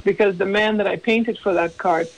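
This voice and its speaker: A woman, the painter of a card deck, telling a personal story in a measured, calm way as a podcast guest. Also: mid-range voice, a little hiss or hum, poor audio.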